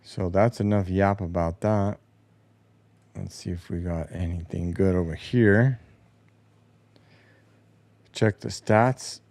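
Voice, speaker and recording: A man talking through the standings and schedule as the host of a casual sports show, rambling and opinionated with some swearing. His voice sits on the low side. The sound is dry and close, from a home basement. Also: steady tone, slow, pauses often, darkish tone, dry recording. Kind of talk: casual solo sports commentary.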